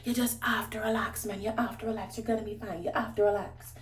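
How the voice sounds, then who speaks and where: A woman quoting a calm, coaxing husband. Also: medium pitch, quick pace, natural voice. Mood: soothing. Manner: soft, coaxing, repeats himself. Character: calm young husband soothing a panicking wife. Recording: roomy echo.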